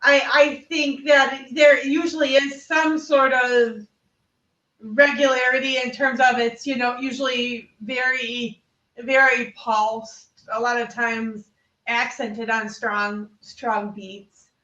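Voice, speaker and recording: A woman musician in a casual conversation, speaking in a slow, tentative way. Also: fairly high pitch, flat delivery, bright, forceful tone. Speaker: guest musician. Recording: roomy, distant, dull lo-fi sound.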